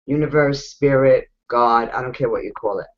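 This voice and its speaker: A woman's voice: a bass voice, normal speed, dull audio. A woman hosting a casual group coaching talk, frank and blunt, with mild swearing.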